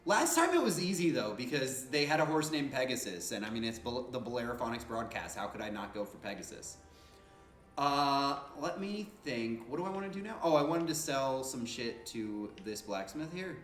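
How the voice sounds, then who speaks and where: A man's voice: medium pitch, moderate pace, reverberant, faint music behind. A man giving casual, joking, slangy gameplay commentary as a streamer. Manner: animated, joking, slangy and profane.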